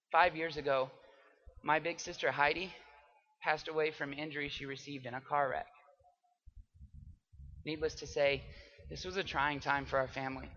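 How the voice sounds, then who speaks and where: A young man giving a memorized persuasive speech, swinging between hushed, quiet passages and loud, dramatic ones. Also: a little high, a little hiss or hum. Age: young adult. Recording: dull lo-fi recording.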